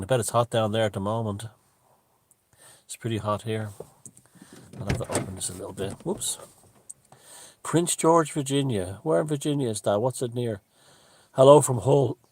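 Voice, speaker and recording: A man hosting a casual live stream from a room at home, greeting viewers and chatting in a relaxed way. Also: mid-range voice, dry recording. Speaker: livestream host. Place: room at home with the window open.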